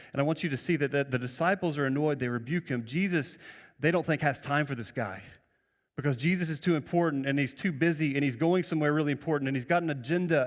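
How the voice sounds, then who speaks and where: A man preaches earnestly in a church auditorium, his slightly high voice carrying a long reverb tail through the hall. He restarts phrases often and checks in with the congregation by asking "right?". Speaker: pastor. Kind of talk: sermon.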